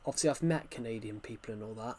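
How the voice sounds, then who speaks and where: A man's voice: lowish voice, quick pace, a little mellow, a little hiss or hum. Chatty British man streaming a game. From United Kingdom. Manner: chatty, answers viewers' questions as they come. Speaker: gaming streamer. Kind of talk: casual livestream chat while playing.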